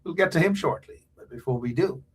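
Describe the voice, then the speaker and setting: A man's voice: on the high side, expressive, fairly quick, breathy edge. A man hosts an online political talk show in a rambling, emphatic way, with many fillers. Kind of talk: casual political commentary.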